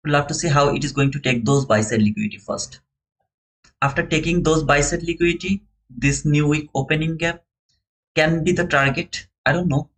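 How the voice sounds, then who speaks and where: A fairly high-voiced young man with a non-native English accent, chatting through a live trading stream. He is earnest and friendly and calls his viewers brother. His talk is casual and unscripted. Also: normal speed, fairly bright tone, low-quality recording. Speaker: live-stream futures trader and host.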